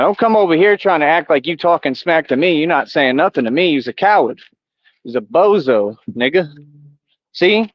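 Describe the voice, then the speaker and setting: A middle-aged man with a fairly high voice rants at his live stream chat, taunting and confrontational, circling back to the same jabs again and again. The sound is dull and lo-fi, with a dry, close feel. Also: dry recording. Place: outdoors.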